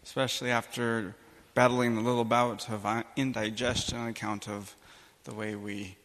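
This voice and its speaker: A male priest giving a sermon, telling a personal story with animated, emphatic delivery and acting out the dialogue. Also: mid-range voice, normal speed. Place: church or conference hall. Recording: long hall reverb.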